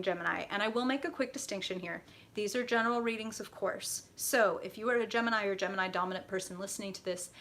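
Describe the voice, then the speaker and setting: A woman's voice: mid-range voice, a bit bright. A woman hosting a live tarot reading, chatting casually with viewers, laughing often and swearing now and then. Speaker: tarot reader hosting a livestream.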